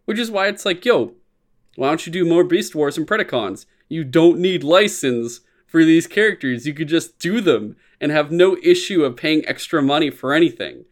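A man co-hosting a podcast in casual chat, loose and profane, now and then jumping into shrill mock voices. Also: expressive, moderate pace. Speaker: podcast co-host.

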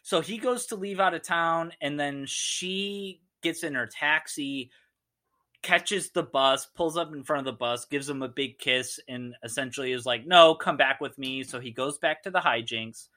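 Rambling, animated guy telling a story. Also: fairly high pitch, measured pace. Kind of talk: casual movie chat.

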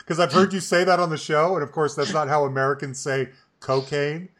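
A man's voice: fairly high pitch, flat delivery, a little fast, fairly bright tone. A male podcast host who talks casually, agreeing readily and rambling with many fillers. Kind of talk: casual podcast chat and outro. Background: music.

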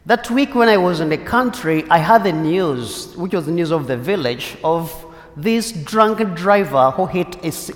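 A man giving a Sunday homily, telling a personal story in a conversational way with pauses and restarts, his English carrying small grammar slips. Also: on the high side, a bit bright, echoey room, big-room sound. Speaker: priest.

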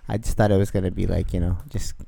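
A man's voice: low-pitched, little pitch movement, fast talker, gravelly, crowd noise. A man in his forties co-hosting a casual podcast chat, laid-back, with short dry remarks. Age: 40s. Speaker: podcast co-host.

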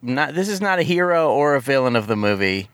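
A man's voice: medium pitch, big pitch swings, fairly quick, fairly bright tone, clear, resonant tone, dry recording. A man hosting a movie podcast in casual chat, joking and laughing often as he talks. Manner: jokey, laughs often, trails off. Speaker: podcast host.

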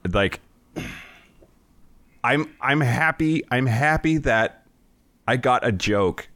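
Deadpan man with a lively voice. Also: mid-range voice, takes it slowly, no room sound. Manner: dry, deadpan one-liners. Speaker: podcast co-host. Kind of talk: casual chat.

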